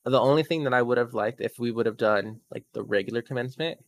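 A man co-hosting a podcast, reminiscing in casual chat with a relaxed, fond and upbeat manner. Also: medium pitch, quick pace, no echo. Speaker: podcast co-host.

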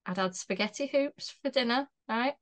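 A young woman co-hosting a podcast tells stories in casual chat, laughing often as she goes. Her voice sits on the high side and moves at a normal speed.

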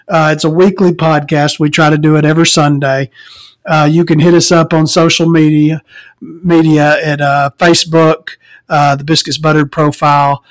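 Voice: mid-range voice, flat delivery, moderate pace. A podcast host rants in a casual monologue. The delivery is profane and rambling, with frequent fillers and asides.

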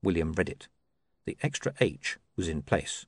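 Narrating a comic novel from a script, this man delivers dry, wry storytelling in a low voice with big pitch swings. He moves at a normal speed, sounding creaky and slightly rough. The audio is dry with no room sound.

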